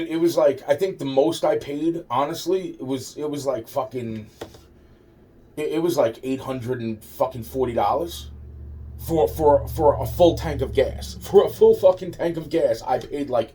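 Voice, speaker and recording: A man's voice: mid-range voice, normal speed, dark tone, a little hiss or hum. A man telling a rambling personal story, swearing constantly and restarting his sentences. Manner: profane, rambling, full of restarts. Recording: voice distant from the mic.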